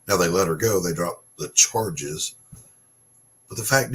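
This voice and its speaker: A low-voiced man holds forth in a blunt, sarcastic rant, with frequent swearing. He keeps the casual talk of a host speaking off the cuff. A faint hiss of noise sits under his voice. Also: takes it slowly, long pauses, fairly bright tone. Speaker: podcast host. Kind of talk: casual opinion monologue.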